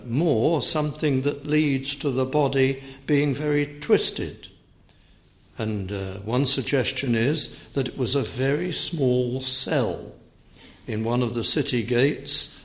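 Male Bible teacher, unhurried, mid-pitched, measured exposition with scripture readings. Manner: measured, explanatory, reads scripture aloud with emphasis.

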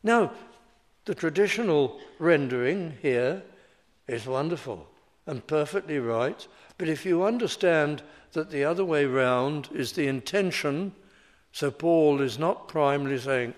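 A man preaching a sermon, explaining scripture in a measured expository way and slowing down to stress the verses he quotes. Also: on the high side.

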